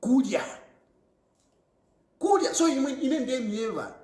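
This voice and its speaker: A man's voice: high-pitched, sing-song, normal speed, echoey room. A man with a Zambian accent giving emphatic political commentary, repeating his points and laughing often. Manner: emphatic, repetitive, mixes English and Bemba, laughs often.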